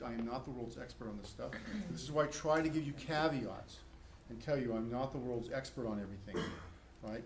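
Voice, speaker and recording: A middle-aged man lecturing a college class in a conversational way, repeating himself and acting out quick voices. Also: medium pitch. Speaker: professor. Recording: echoey classroom with faint noise.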